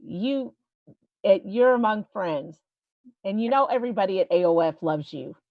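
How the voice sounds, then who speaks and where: A woman's voice: mid-range voice, lively intonation, moderate pace, dry recording, highs cut off. A woman hosting a live-stream interview over a video call, asking questions and reassuring her guest. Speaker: show host.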